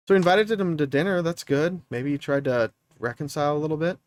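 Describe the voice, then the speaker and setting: A man's voice: a little high, quick pace, few pauses. A man streaming a let's play, casually thinking aloud as he reads through the story. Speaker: gaming streamer.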